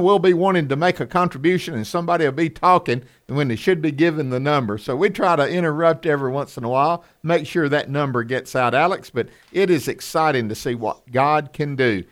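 A man with a Southern drawl, co-hosting a radio fundraising appeal and slowly repeating a phone number. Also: on the high side. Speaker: radio co-host.

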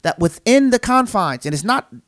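A man's voice: high-pitched, sing-song, moderate pace. A man co-hosting a Christian talk show, speaking in an earnest, emphatic, preacherly way. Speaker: co-host. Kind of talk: Christian podcast conversation, preaching manner.

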